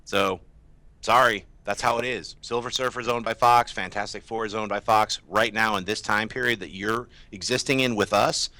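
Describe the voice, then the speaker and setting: This man's voice sits on the low side, steady and pushed-bright, at a normal pace, recorded dry. He's a movie show co-host losing his voice, yet still emphatic and opinionated in the relaxed panel talk, poking fun at what fans complain about.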